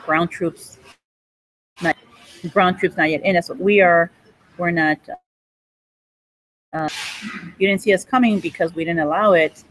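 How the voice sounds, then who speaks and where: Sitting in a cafe, a woman delivers a rambling, profane monologue that jumps between topics, breaking into high bursts of laughter. The audio is poor.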